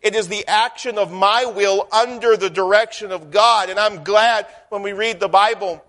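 Man, preacher, high voice, sermon, emphatic, rises and drops in volume, repeats phrases. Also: fairly even intonation, moderate pace, a bit bright.

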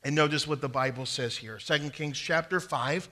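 A man delivers a sermon in a bright, forceful voice that sits a little high for a man. He swings between loud, emphatic stretches and quiet, low asides, with the odd stumble and restart. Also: normal speed. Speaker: pastor.

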